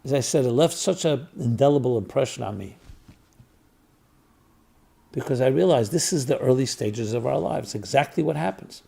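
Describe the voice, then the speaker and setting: A man who is a rabbi, telling a story in an earnest reflective talk, repeating phrases in threes for emphasis and dropping soft on tender phrases. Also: medium pitch, lively intonation, normal speed, vocal fry, pauses often, slightly rough. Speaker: rabbi and spiritual teacher.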